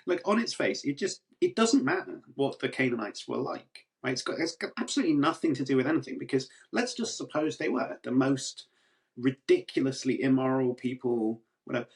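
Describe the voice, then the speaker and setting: A man's voice: mid-range voice, gravelly. A man on a discussion panel arguing casually and with exasperation, peppering his points with "like" and "right?". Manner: exasperated, argumentative, many "like" and "right?" tags.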